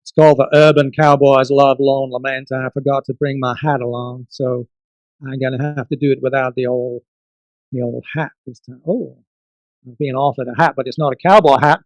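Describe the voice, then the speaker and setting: A man reading his comic poems at a book launch, theatrical, swinging from loud outbursts to soft murmurs. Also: mid-range voice, fairly even intonation, normal speed, no room sound, poor audio. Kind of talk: comic poetry reading and casual asides.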